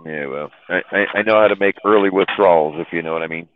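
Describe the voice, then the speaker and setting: A man's voice: low voice, quick pace. A man telling a long profane story in casual chat, rambling and laughing at his own jokes. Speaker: chat room host telling stories. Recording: dry, phone-like audio.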